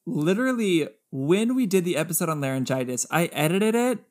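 A man's voice: fairly high pitch, expressive, brisk, darkish tone. A man co-hosting a podcast in casual chat, giggly and jokey, laughing often. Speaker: podcast co-host.

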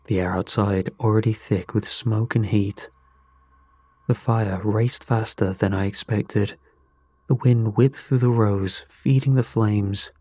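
A man narrates a first-person story in an unhurried, measured delivery. His voice is low-pitched and husky. The sound is close and dry. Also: dark tone, no room sound. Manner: slow, measured.

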